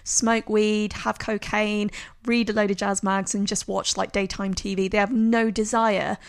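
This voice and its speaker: A woman's voice: mid-range voice, little pitch movement, a little slow. A woman co-hosting a podcast, earnestly talking through a film in casual chat. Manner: analytical, earnest. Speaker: podcast co-host.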